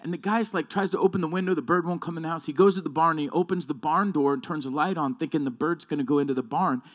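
A man's voice: a little high, fast talker. A man preaching a sermon with emphatic delivery, often repeating and correcting himself.

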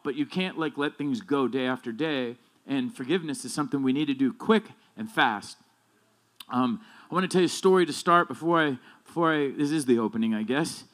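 A male pastor preaching a sermon in a casual, conversational way that turns emphatic on key points. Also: fairly quick. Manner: casual, conversational, rambling with restarts and asides; emphatic, builds in loudness and pitch when stressing points.

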